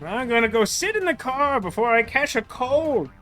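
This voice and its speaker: A man's voice: very high-pitched, sing-song, moderate pace, bright, forceful tone, soft background music, voice pushed up, heavily acted. A man voicing a grumpy older woman, a fussy mother who complains and grows impatient.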